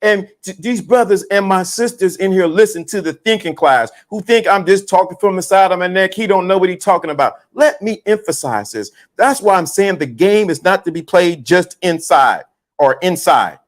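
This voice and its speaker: Animated high-voiced male livestream host. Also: normal speed. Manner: animated, emphatic, repeats himself; greets chat viewers mid-sentence. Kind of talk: casual livestream commentary.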